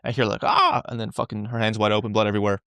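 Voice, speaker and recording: A man's voice: lowish voice, little pitch movement, very fast, gravelly, fairly bright tone, clean tone, dry recording, studio quality. A man speaking as a podcast guest, talking candidly and loosely, repeating words as he goes and swearing casually. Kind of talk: candid conversational interview.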